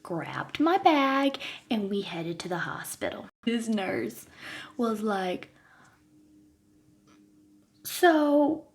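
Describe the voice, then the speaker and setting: A woman in her thirties tells a comedic personal story straight to her viewers. She speaks with a mid-range pitch that swings widely and playfully, and she laughs often between lines. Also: very animated, takes it slowly. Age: 30s. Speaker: vlogger.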